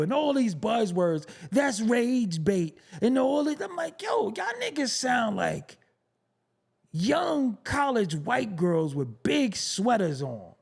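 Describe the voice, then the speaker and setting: Animated, profane Brooklyn man ranting. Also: very high voice, gravelly, slightly rough. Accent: New York. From Brooklyn, New York City. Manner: profane, animated, mocking, rhetorical questions. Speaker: show host. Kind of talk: unscripted rant to a live stream audience.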